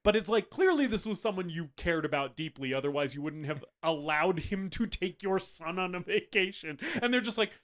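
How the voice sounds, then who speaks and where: A man's voice: sits high, lively intonation, fairly quick, hardly any pauses, fairly bright tone. A man co-hosting a podcast, chatting casually about a movie, laughing often and acting out characters' lines. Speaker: podcast co-host. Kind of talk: casual movie review chat.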